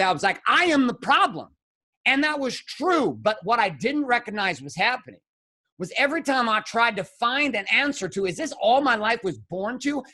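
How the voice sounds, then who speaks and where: A man talks as a podcast guest, his voice rising and falling across a wide, animated range. He is blunt and heavily profane. He swings from shouted bursts to low, intense passages. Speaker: podcast guest, men's coach. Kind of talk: impassioned conversational monologue.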